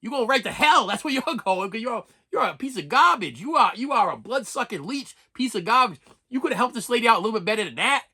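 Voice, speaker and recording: A man's voice: high voice, animated, fast, bright, forceful tone. A man voicing God as a stern, outraged judge who scolds a cheat emphatically. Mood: scolding.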